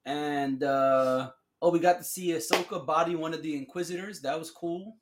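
A man's voice: on the high side, normal speed, noisy background. A man co-hosting a casual podcast chat, talking in slang and acting out quotes with lots of energy. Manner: slangy, animated, acts out quotes. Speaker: podcast co-host.

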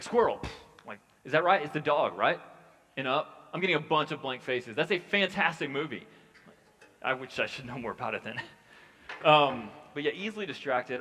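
A man's voice: medium pitch, bright, forceful tone. A man preaching as pastor in a casual sermon, chatty and joking in his asides. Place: church hall. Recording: long hall reverb.

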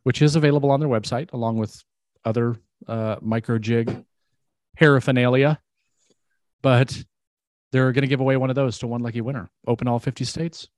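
A man in the host's chair of a relaxed podcast, talking casually and wandering through his points with fillers and false starts. His voice sits at an ordinary middle pitch and sounds dry and close to the mic. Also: a little fast, dry recording. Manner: rambling with many fillers and restarts. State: out of breath. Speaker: podcast co-host. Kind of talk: casual chat.

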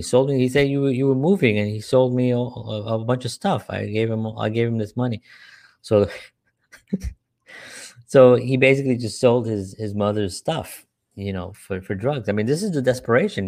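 Low-voiced church guy rambling through earnest stories, dry close sound. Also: a little mellow, no echo. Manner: earnest, rambling, frequent rhetorical "right?". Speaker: church worker telling stories. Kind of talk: personal storytelling talk.

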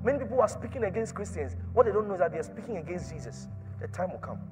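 A man preaching a sermon in church, repeating phrases and swinging from hushed tones to shouts. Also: high-pitched, sing-song, very fast, music in the background.

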